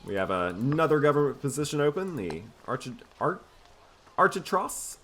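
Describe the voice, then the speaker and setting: A man casually commentating his own strategy game playthrough in a relaxed, wry, self-mocking way. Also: on the high side, moderate pace, a little hiss or hum. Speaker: gameplay commentator. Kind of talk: casual let's-play commentary.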